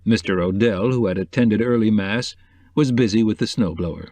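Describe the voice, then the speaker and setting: Measured man narrating a novel. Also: fairly low pitch, mellow, no echo. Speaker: audiobook narrator. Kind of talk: scripted narration.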